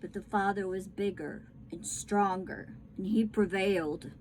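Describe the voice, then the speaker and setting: A woman reading a children's book aloud to a class, tender and unhurried. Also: medium pitch, steady tone, darkish tone, poor audio. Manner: slow, tender storytelling.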